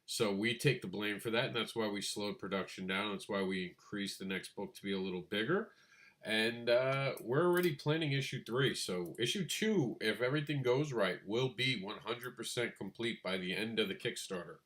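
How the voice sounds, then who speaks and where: A man co-hosting a casual chat about comic book crowdfunding, animated and quick to laugh. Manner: animated, laughs, mimics others in a high voice. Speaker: podcast co-host.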